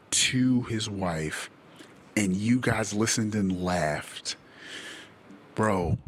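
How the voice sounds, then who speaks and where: A man's voice: sits low, slight background noise. A young adult man hosting a podcast, telling a personal story bluntly and with plenty of swearing, acting out the dialogue with animation. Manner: blunt, profane, animated when retelling dialogue. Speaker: podcast host. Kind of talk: candid solo podcast storytelling.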